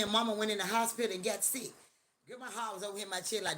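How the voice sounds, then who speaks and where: A middle-aged woman hosting a live stream, talking in a loud, profane, joking rant. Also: mid-range voice, fairly even intonation, rapid-fire, background noise. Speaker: livestream host. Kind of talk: casual live-stream chat.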